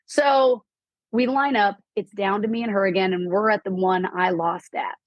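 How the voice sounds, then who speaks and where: A woman guest on a podcast telling a personal story, animated and quoting people in lively voices. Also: medium pitch, normal speed, dry recording, muffled recording. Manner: animated, quotes herself and others in lively voices. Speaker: podcast guest, real estate investor. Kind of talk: storytelling in an interview.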